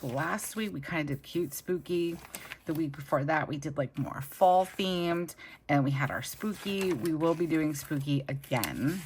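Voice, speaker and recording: A woman's voice: low-pitched, a bit bright, a little hiss or hum. A woman with children chatting casually and enthusiastically as a planner vlogger while she decorates her planner. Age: adult with children. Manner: chatty, enthusiastic, many fillers.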